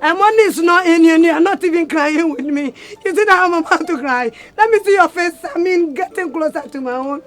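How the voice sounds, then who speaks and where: Muni, a high-voiced, melodramatic bill-paying wife. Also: female voice, a little fast, few pauses, soft background music. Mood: accusing. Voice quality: loud, complaining, melodramatic. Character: dramatic, suspicious woman who pays the household bills.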